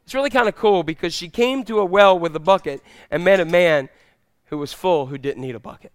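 A male pastor preaching a sermon, telling stories in an animated way and acting out the characters. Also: high voice, a little fast, no echo. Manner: animated storytelling, acts out characters.

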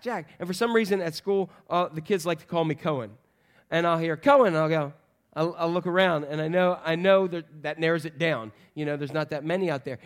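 A man in his fifties preaching a sermon as pastor, conversational and animated, acting out quoted voices. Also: high voice.

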